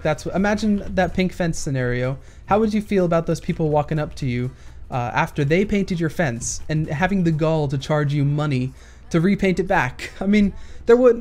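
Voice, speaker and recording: A man's voice: sits high, darkish tone. A man talking casually in a Q&A rant while playing a shooter game, rambling with many restarts and explaining through analogies. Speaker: gaming YouTuber. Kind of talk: casual Q&A rant over gameplay.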